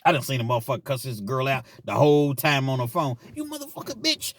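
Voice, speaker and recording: A man's voice: mid-range voice, steady tone, fast. A man telling a personal story in casual, slangy talk as a vlog host. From Kentucky, US.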